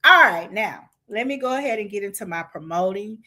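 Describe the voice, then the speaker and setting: Woman livestream host, hype-girl energy, bright and animated, slightly high voice. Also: a little fast. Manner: lively, hype, chatty with the audience. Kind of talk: casual livestream chat and event promotion. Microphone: video call style stream mic.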